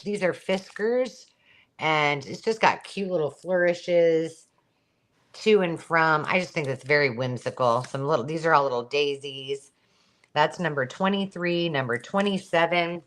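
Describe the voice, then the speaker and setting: A woman with a low, unhurried voice hosts a live craft sale. She chats her way through each item, pointing out details as she picks them up, in no hurry at all. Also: lively intonation, fairly bright tone. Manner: chatty, describing items while handling them. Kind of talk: live selling chat.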